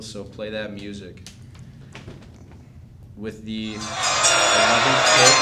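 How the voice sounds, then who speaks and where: A man's voice: on the low side, background noise. A young man in a casual group chat, explaining his reasoning in an earnest way. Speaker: panelist.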